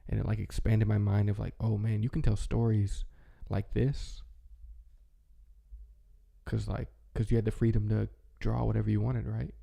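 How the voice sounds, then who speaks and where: A man in his thirties hosting a relaxed monologue, rambling with lots of fillers as he reminisces nostalgically. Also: lowish voice, moderate pace, gravelly. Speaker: channel host.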